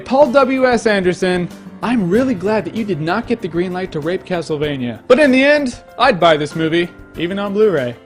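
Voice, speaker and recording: A man ranting sarcastically and profanely in an animated comedic movie and game review. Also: sits high, a little fast, faint music behind.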